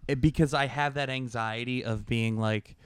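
A man co-hosting a casual podcast, telling stories with lively acted-out dialogue. His voice is smooth and resonant at a mid pitch. The recording is close and dry, with no room sound. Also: normal speed, dry recording. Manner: animated storyteller, acts out both sides of a phone call. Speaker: podcast co-host.

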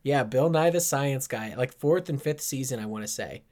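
A man's voice: mid-range voice, moderate pace, a little mellow. A man with a mid-range voice co-hosting a casual podcast. He is easygoing and wry as he introduces the show and the episodes. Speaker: podcast co-host. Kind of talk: casual chat.

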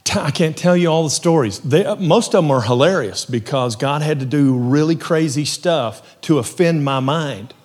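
Male preacher, testimony sermon, moves from hushed to fervent, mid pitch, reverberant hall. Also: normal speed, hardly any pauses. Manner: storytelling, swings from hushed to rising fervor.

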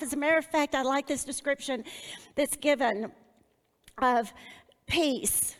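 Earnest woman Bible teacher, bright high voice, in a reverberant space. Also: measured pace. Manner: earnest, personal, with a shared testimony.

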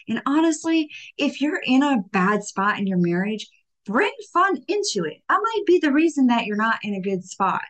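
A woman's voice: a little high, animated, moderate pace. A young adult woman hosting a faith-based motivational talk, chatty and informal, full of "like" fillers and acted-out bits of dialogue. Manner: conversational, many "like" fillers, acts out little dialogues. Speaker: podcast host.

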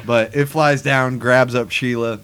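A man's voice: mid-range voice, a little slow, a little hiss or hum. A man in casual chat, retelling a movie scene by scene, acting out the lines and swearing as he laughs along. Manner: animated, acts out scenes, swears, laughs a lot.

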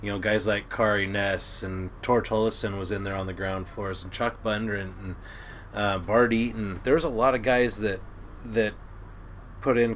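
Middle-aged man, boat captain type, gruff and animated storyteller, forceful tone. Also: lowish voice, a little hiss or hum. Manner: gruff, animated storyteller who laughs at his own tales. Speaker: crab boat captain, guest. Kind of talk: casual storytelling.

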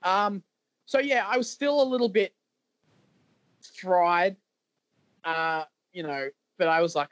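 A male wrestler being interviewed, talking candidly in a halting way with repeated words and many fillers. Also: sits high, fairly bright tone, no room sound, lo-fi sound. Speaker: professional wrestler guest.

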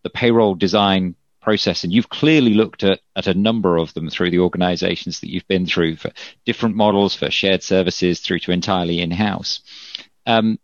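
A man hosting an interview, summarising points in long, measured questions over a remote call. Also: low-pitched, dry recording. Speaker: host. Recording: dull lo-fi remote audio.

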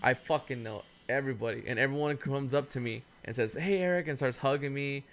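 A man's voice: medium pitch, steady tone, a little fast, fairly bright tone. Casual-chat guy in his late twenties, profane and rambling, quotes others as he goes. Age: late 20s. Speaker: storyteller among friends.

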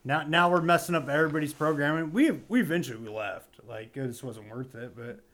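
A man telling a story in casual podcast talk, lively and laughing easily. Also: on the high side, fairly quick.

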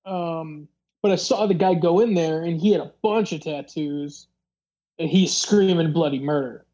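Podcast host, casual storytelling, rambling with fillers, mellow dark tone, slightly dull lo-fi sound. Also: medium pitch, moderate pace. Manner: rambling, filler-heavy, acts out dialogue.

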